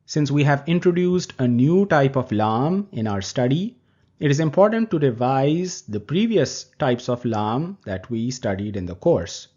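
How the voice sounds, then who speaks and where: Guy teaching arabic grammar, slow and careful, lively pitch, kinda dull lo-fi sound. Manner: slow, deliberate explanation with Arabic terms. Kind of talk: recorded lecture. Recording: dull lo-fi recording.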